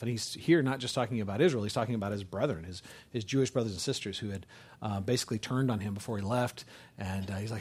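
A man's voice: fairly low pitch, brisk, breathy edge. Casual, conversational male preacher. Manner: conversational, many restarts and "right?" asides. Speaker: pastor. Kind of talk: sermon.

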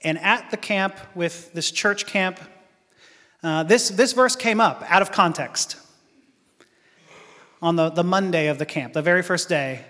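High-voiced man preaching in a reverberant hall. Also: sharp tone. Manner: earnest storytelling with halting restarts. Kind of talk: personal testimony sermon.

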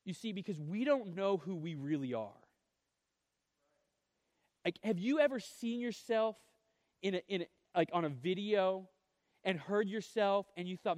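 A male pastor preaches with an earnest, conversational delivery, often stumbling and restarting as he reaches for the next phrase. His voice sits very high and has a slightly whiny edge. The sound is dry and close, with almost no room around it. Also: expressive, a little slow, long pauses, a little mellow, no echo. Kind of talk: sermon.

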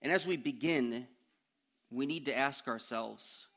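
A young man preaching a sermon, telling a personal story in an animated way that climbs into loud outbursts. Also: medium pitch, unhurried.

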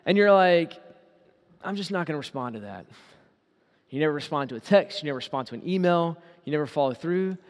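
A man preaching a sermon as a pastor, pleading and swinging from loud appeals to quiet, low asides. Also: long reverb tail.

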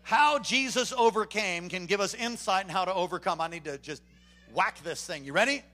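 High, bright-voiced preacher, loud to hushed. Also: male voice, normal speed. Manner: animated, swinging from hushed to shouting. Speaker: pastor. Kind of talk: sermon. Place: church before a congregation.

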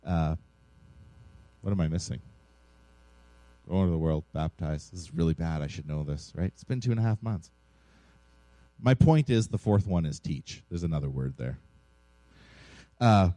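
A man's voice: low voice, warm tone, no echo. A man in his thirties preaching an informal, conversational sermon, mixing personal stories with teaching and often checking in with "right?" asides. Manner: informal, self-deprecating, frequent "right?" asides. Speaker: pastor.

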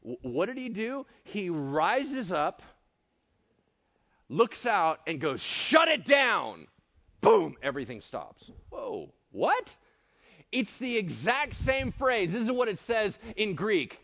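A man preaching a sermon in an animated way, acting out voices and swinging between hushed and shouted lines. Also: high-pitched, takes it slowly, dull audio. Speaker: pastor.

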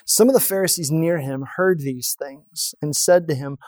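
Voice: mid-range voice, normal speed, darkish tone, dry recording. A pastor preaching a sermon in a conversational way, often asking the audience rhetorical questions.

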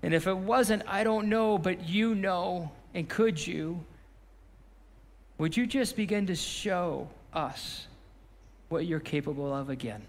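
High-voiced pastor preaching in a reverberant hall. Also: male voice, takes it slowly. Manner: impassioned, shouting repeated phrases, then dropping to a quiet prayer. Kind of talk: sermon.

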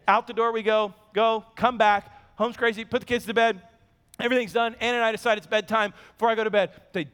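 A man in his thirties delivers a sermon in a notably high voice, telling stories from his own life with lively, self-deprecating humor. His voice rings out with the long reverb of a large church sanctuary. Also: quick pace, clear, resonant tone. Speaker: pastor.

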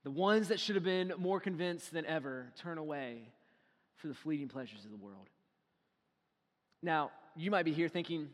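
A man preaching a sermon as pastor, moving between hushed, quiet passages and loud, emphatic ones. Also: fairly high pitch, normal speed. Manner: dynamic preaching, swinging from hushed to loud and acting out quotes. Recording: long reverb in a large hall.

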